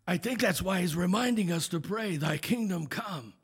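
A male pastor preaching a sermon, with a gravelly voice and a rising preaching cadence that builds into shouted climaxes. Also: high-pitched, animated, moderate pace.

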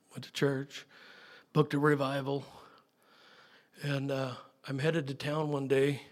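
A middle-aged man preaching a sermon as pastor, emphatic, swinging from soft to loud. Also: medium pitch.

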